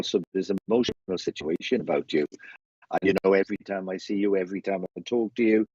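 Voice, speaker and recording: A man giving a live mediumship reading, chatty and halting, often restarting sentences as he passes on messages. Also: low voice, steady tone, a little mellow, slightly rough, no echo, lo-fi sound. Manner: chatty, laughing, stumbling restarts, relays spirit messages.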